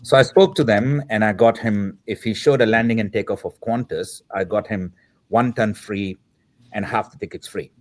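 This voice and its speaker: Fifties guy on a podcast, lowish voice, spinning a story and doing the quotes, some ums. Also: normal speed. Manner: acts out quoted dialogue in the telling; reflective, with filler words. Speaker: podcast guest, filmmaker. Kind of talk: anecdotal storytelling.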